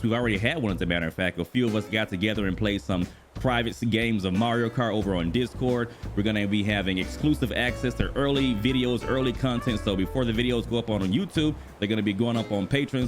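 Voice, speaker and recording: A man in his thirties casually chatting about a video game while he plays, animated and quick to exclaim. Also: fairly low pitch. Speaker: gaming YouTuber and streamer. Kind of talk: casual gaming vlog commentary while playing. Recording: music bed playing clearly behind the voice.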